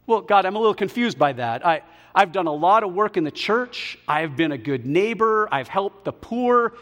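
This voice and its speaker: A man's voice: sits high, animated, moderate pace, a bit bright. A man voicing a stubborn flood victim who pleads and justifies himself, with long hall reverb. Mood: complaining. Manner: pleading, then self-justifying. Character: stubborn flood victim waiting on God, male.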